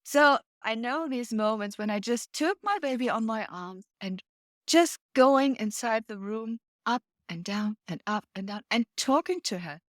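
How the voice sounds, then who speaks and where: Woman, podcast guest, high pitch, heartfelt storyteller. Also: lively intonation, a little slow, dry recording, clean studio sound. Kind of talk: casual chat.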